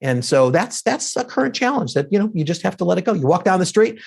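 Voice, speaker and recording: Fast-talking animated man. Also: sits high, vocal fry, breathy edge. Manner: quick, animated storytelling with acted-out quotes. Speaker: guest, TV political commentator. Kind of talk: casual interview chat.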